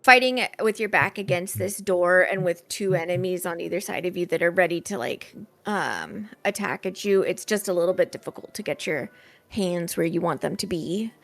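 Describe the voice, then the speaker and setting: A young adult woman running a tabletop role-play game as game master, describing scenes in a relaxed way with many filler words. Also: on the low side, normal speed, creaky.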